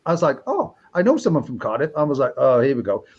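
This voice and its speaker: A middle-aged man from Wales with a Welsh accent, a podcast host chatting casually and telling lively stories. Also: mid-range voice, quick pace, breathy edge, muffled recording. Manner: animated storyteller, acts out quoted people. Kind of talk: casual chat.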